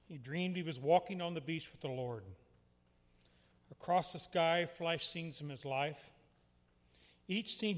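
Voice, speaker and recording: A man telling a parable to a church congregation in a measured storytelling manner. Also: on the high side. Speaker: church speaker. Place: large church hall. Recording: long hall reverb.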